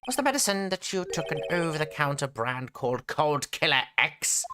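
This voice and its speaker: A man's voice: fairly high pitch, very animated, moderate pace, pushed and bright, a little hiss or hum. A man reading as a cool woman lawyer. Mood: pointed. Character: composed, sharp woman defence lawyer, cross-examining.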